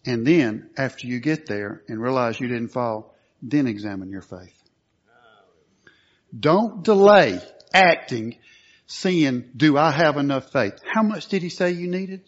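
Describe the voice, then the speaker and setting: A man's voice: mid-range voice, expressive, slow pace. Man preaching a sermon. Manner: earnest, rising to forceful emphasis. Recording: dull lo-fi recording.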